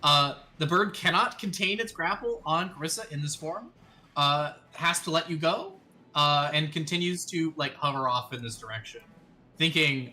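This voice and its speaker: A man's voice: a little high, measured pace, bright, forceful tone, faint music behind. A man running a tabletop game as game master, casual and swearing, with many ums.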